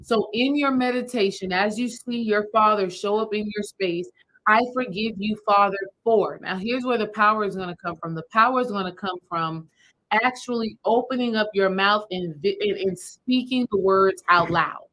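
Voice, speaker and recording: This woman, a spiritual healing coach, has a medium-pitched, fairly bright voice and a moderate pace. She walks a live audience through a guided meditation step by step, casually and repetitively, though the audio is poor.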